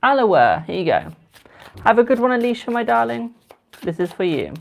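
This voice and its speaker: A young man in his twenties runs a live tarot stream, loose and gossipy, warmly calling everyone darling and boo. His voice carries a slightly gravelly, fry-tinged texture at the ends of phrases, and his delivery stays chatty and unhurried. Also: extremely high pitch, huge pitch swings. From United Kingdom. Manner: chatty and affectionate, calls viewers darling and boo. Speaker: tarot reader. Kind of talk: live-stream card readings, casual chat.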